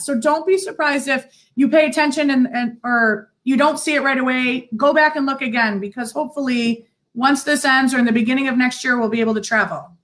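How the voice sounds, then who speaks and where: Woman, middle-aged, high voice, psychic medium guest, chatty, filler-heavy interview talk. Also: a bit bright. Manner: chatty storyteller, laughs easily, many fillers. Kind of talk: casual interview chat.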